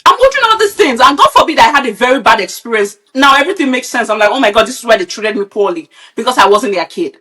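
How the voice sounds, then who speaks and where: Woman from nigeria going off on a blunt sweary rant, kinda high voice, podcast co-host. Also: very animated, fast talker, few pauses, bright, forceful tone. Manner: blunt, profane, heated ranting. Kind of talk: opinionated casual chat.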